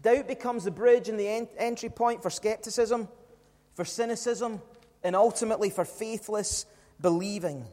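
A man preaching with a strikingly high voice, leaning hard on his points and throwing rhetorical questions at the congregation. His words ring out with a long reverb from a church hall. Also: normal speed, a little mellow. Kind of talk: sermon.

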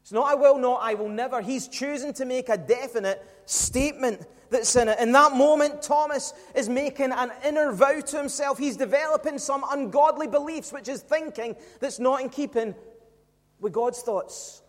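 In a church, a man with an extremely high voice preaches an emphatic sermon at a moderate pace, peppering the congregation with rhetorical questions. Long hall reverb trails his words.

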